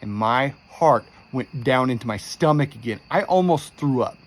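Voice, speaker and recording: Animated and medium-pitched, this forty-something man tells his own frightening true story at a moderate pace. The retelling is intense and shaken, with swearing throughout.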